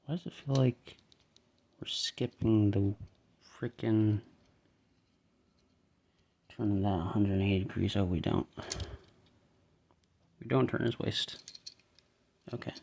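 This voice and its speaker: Slow, gravelly Southern man. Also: lowish voice. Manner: relaxed, talks himself through each step. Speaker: toy model builder. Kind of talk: casual step-by-step building commentary.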